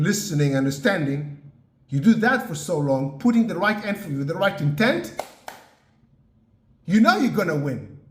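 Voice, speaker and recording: A man giving an earnest motivational talk, slow and emphatic, often checking in with "yeah?" and "okay?". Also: high-pitched, echoey room. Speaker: motivational podcast host.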